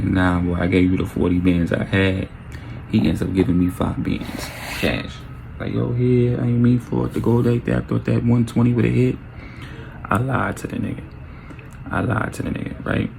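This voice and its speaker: Gravelly young man telling a wild story. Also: on the low side, a little hiss or hum. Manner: animated, acts out quotes with sound effects. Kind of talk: casual storytime vlog.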